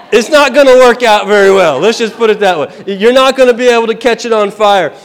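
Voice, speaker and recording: A man preaching a sermon, retelling a Bible story in an animated, conversational way with asides. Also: high-pitched, in a large hall.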